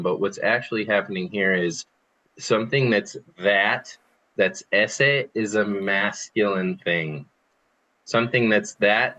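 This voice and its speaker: A man's voice: fairly low pitch, a bit bright, low-quality recording. A man teaching an online group language lesson over a computer, patiently explaining and repeating phrases for students to copy. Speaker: Spanish teacher.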